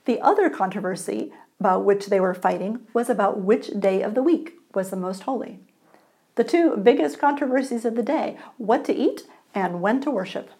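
A woman's voice: medium pitch, lively intonation, normal speed, a little mellow. A woman pastor giving a sermon in a conversational way, asking the congregation for responses.

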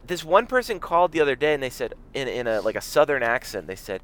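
A man's voice: medium pitch, lively intonation, fast, hardly any pauses, a bit bright. A man from Canada co-hosting a podcast while driving, trading dry, sarcastic jokes in casual chat. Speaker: podcast co-host. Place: driving a car.

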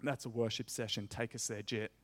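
A man's voice: lowish voice, flat delivery. Impassioned male preacher. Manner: impassioned, rising loud on repeated phrases, slow emphatic delivery. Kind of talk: sermon.

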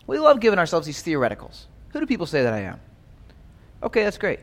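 High-voiced pastor, casual, in a hall. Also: male voice, wildly swooping pitch, fast talker. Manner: conversational, keeps asking "right?". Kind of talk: Bible study sermon. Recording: long reverb of a hall.

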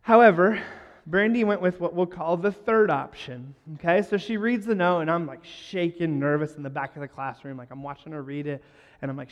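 A man with a light, high-pitched voice tells self-deprecating stories to a crowd, breaking into joking asides. His voice carries a long reverb, as from a large hall. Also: brisk, lo-fi sound. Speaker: speaker addressing a live audience. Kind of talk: humorous talk to a crowd.

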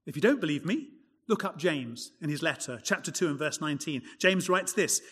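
A man preaching a sermon from the pulpit with emphatic, expressive delivery. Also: on the high side, fairly quick, breathy edge. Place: church. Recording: long church reverb.

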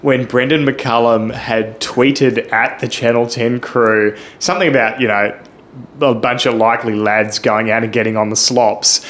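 A man's voice: mid-range voice, fairly even intonation, unhurried, fairly bright tone, slight background noise. A man co-hosting a podcast, telling stories in chatty, amused casual talk. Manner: chatty, laughing storyteller. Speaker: podcast co-host.

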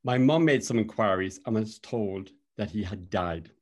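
A middle-aged man from Cork with a Cork Irish accent, telling a personal story in a measured, wry and gently humorous way. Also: on the low side. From Cork, Ireland.

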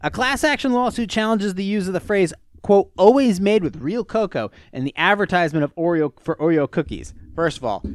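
Young male podcast host, high bouncy voice, profane ranting storyteller. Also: no echo. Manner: animated, profane storytelling with sudden rants. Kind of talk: casual solo podcast monologue.

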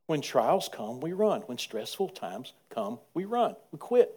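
Pastor preaching with dramatic swings. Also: male voice, mid-range voice, very animated, a little slow, few pauses, husky. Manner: swings between quiet and loud emphatic preaching; repetitive, rhythmic phrasing. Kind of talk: sermon.

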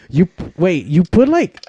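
A man's voice: high voice, mellow, slightly rough, no echo, dull audio. A man hosting a podcast, swearing freely, laughing often and teasing his guest in loose casual banter. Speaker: podcast host.

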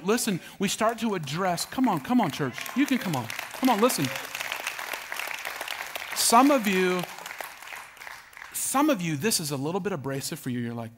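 A man's voice: sits high, big pitch swings, normal speed, long pauses, fairly bright tone, husky, a faint crowd. A middle-aged man, preaching a sermon, emphatic and repetitive, calling out to his congregation. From Southern United States. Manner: emphatic, repeats phrases, calls out to congregation. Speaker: pastor.

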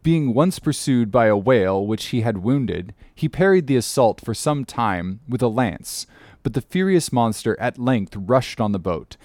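A man narrating an audiobook in a measured, formal reading manner. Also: mid-range voice, a little mellow, no echo, studio quality.

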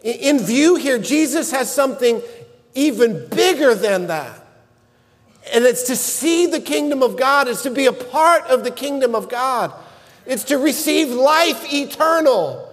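High-voiced man preaching in a reverberant hall. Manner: earnest preaching, rising to emphatic shouts on key lines. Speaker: pastor. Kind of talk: sermon.

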